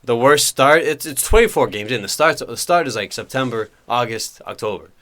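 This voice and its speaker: A man's voice: mid-range voice, expressive, moderate pace, fairly bright tone. A man co-hosting a casual soccer podcast, rambling and restarting his sentences, with a slangy way of talking. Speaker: podcast co-host. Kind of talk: casual sports chat.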